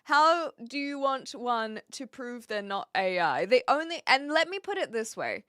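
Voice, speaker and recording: A woman's voice: on the high side, very animated, a little slow, bright, forceful tone, clean tone, no echo. Kiwi woman streamer, light accent, rambly laughy chat with viewers, dry close mic. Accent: light New Zealand. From New Zealand. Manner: chatty, laughs often, trails off mid-sentence.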